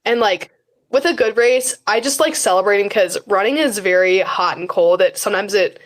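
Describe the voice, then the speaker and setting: A woman's voice: medium pitch, moderate pace. Chatty teen girl, lots of fillers. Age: high school teen. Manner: chatty, frequent fillers and quoted self-talk. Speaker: guest, high school runner. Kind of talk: casual conversational interview.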